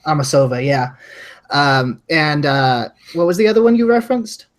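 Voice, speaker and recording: Slightly high-voiced podcast guy, eager, keeps restarting sentences. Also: sing-song, moderate pace. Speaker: podcast co-host. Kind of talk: casual chat.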